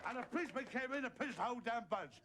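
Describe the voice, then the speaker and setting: A man's voice: very high voice, lively intonation, racing. A male stage comedian reciting a comic poem, rambling and breaking off to joke and chuckle at himself. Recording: hissy old television recording. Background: audience laughter.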